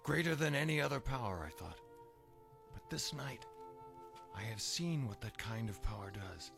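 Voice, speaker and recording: An actor playing a stern, conflicted Roman officer, firm and grave. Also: male voice, medium pitch, animated, moderate pace, creaky. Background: music.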